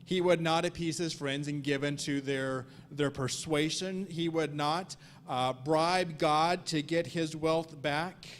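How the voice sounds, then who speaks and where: A man's voice: a little high, steady tone, slow pace. A man teaching a Sunday school Bible study in an earnest way, often repeating and restarting words and reading scripture aloud. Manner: reads scripture aloud in old-fashioned wording.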